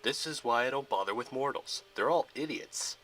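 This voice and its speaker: A man's voice: medium pitch, moderate pace, fairly bright tone, slight background noise, natural voice, poor audio. A man voicing a scornful young rebel. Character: cocky young male rebel, scornful of mortals.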